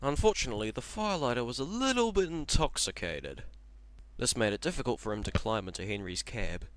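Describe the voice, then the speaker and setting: A man narrating a comic cartoon parody in storybook style. His voice sits mid-pitch and swings up and down with lively, animated intonation. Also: a little fast, no echo.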